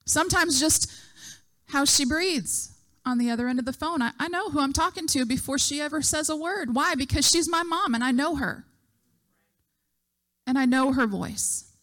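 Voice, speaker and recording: A woman's voice: high voice, normal speed, fairly bright tone. A middle-aged woman preaching a sermon, telling a story and acting out the voices she quotes.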